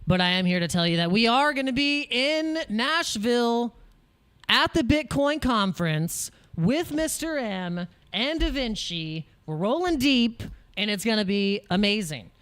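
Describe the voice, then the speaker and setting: A man's voice: very high voice, big pitch swings, unhurried, a bit bright, clear, resonant tone. An American man hosting a crypto livestream in casual chat, rambling and joking, with frequent laughs and restarts, jittery from espresso. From United States.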